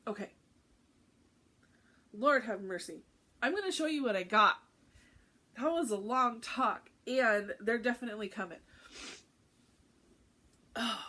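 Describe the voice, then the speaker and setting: A woman's voice: mid-range voice, a bit bright. A woman hosting a cross-stitch vlog in casual chat, candid and heartfelt, often laughing. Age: adult with a teenage son.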